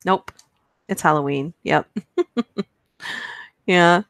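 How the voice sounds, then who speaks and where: Low-voiced woman hosting a playful livestream. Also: extremely slow, fairly bright tone, dry recording. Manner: chatty and playful, laughs often, talks to the chat. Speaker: livestream host. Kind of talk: casual live chat, reading movie quotes aloud.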